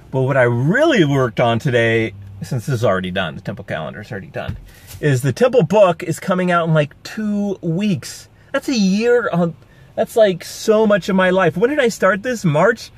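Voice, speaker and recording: A man's voice: a little high, very animated, normal speed. A man chatting casually to camera while out on a rainy city street, rambling and upbeat and laughing often. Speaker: vlogger. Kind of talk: casual vlog chat. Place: outdoors on a city street in the rain.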